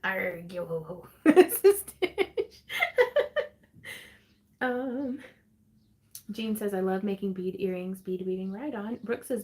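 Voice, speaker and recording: A woman's voice: medium pitch, warm tone. Bubbly, giggly woman hosting a craft livestream. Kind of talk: casual livestream chat, reading viewer comments.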